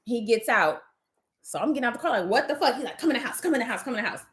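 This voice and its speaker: A woman's voice: fairly high pitch, fast, heavy background noise. A woman telling a story in casual chat, swearing freely and acting out what people said. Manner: animated, swears freely, acts out quoted lines.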